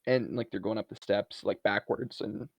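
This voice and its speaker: This man has a fairly low, husky voice with vocal fry and a moderate pace. Co-hosting a podcast, he recaps a movie casually with animated storytelling and acts out the characters' lines, heard in dull, dry lo-fi audio with no room sound.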